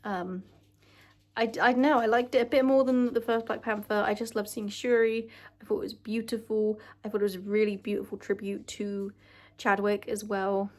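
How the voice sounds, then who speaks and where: A woman's voice: medium pitch, level tone, moderate pace, darkish tone. Gushing young woman vlogger. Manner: gushing, emotional, swears freely. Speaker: vlogger ranking films. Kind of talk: casual chat to camera.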